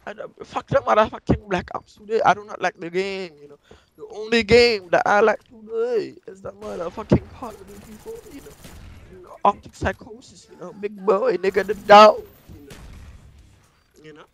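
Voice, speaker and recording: Male gameplay commentator, high voice; profane, broken-grammar rambler, endless "you know". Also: normal speed, a bit bright, low-quality recording. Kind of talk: rambling comic storytelling over gameplay.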